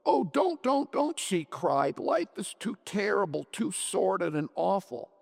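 A man voicing a distraught, anxious housewife in a dramatic story reading, pleading and pitched up. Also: sing-song, a little slow, creaky, slightly rough, long reverb tail, heavily acted. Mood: sobbing.

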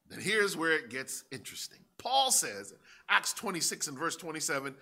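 Male preacher, forceful voice, dramatic sermon delivery that swells into shouts. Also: on the high side, big pitch swings, moderate pace. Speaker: pastor.

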